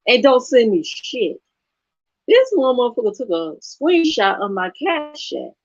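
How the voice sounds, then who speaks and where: Woman, blunt sassy rant, swings her pitch a lot, dry slightly dull sound. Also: very animated, measured pace, dry recording. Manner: blunt, sassy, profane, laughs often. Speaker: channel host. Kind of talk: casual vlog rant.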